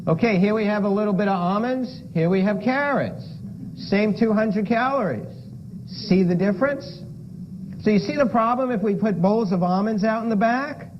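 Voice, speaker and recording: High bouncy guy lecturing w props, quizzing the crowd, muffled noisy recording. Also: moderate pace. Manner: playful, asks the audience questions. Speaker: lifestyle medicine lecturer. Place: lecture room with an audience. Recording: dull lo-fi lecture recording with noise.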